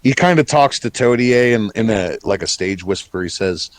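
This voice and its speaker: A man with a low voice runs a tabletop game, narrating in a slow, relaxed way. His pitch moves around a lot, and the sound is dry and close to the mic. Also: no room sound. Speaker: game master.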